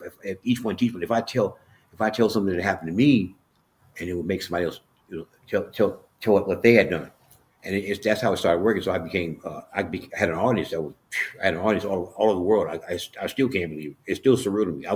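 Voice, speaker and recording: A man with a very low voice shares his life story as an interview guest. He talks quickly and earnestly, stumbling and repeating words as he goes. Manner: halting, many restarts and repeated words; earnest and emotional. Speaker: author and podcast guest. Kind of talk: candid personal storytelling in an interview.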